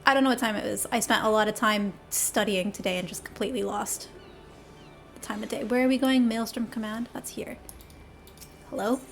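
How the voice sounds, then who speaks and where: A woman's voice: mid-range voice, fairly even intonation, brisk, gravelly, a bit bright, faint music behind. A young woman streaming a game, chatting casually, laughing easily and reading the dialogue aloud in character. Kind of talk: casual live gameplay chat.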